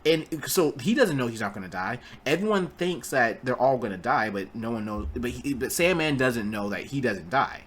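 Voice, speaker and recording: A man's voice: medium pitch, animated, normal speed, few pauses, a bit bright, slight background noise. A man giving a casual spoken film review, rambling with stumbling restarts and blunt, profane remarks. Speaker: movie reviewer.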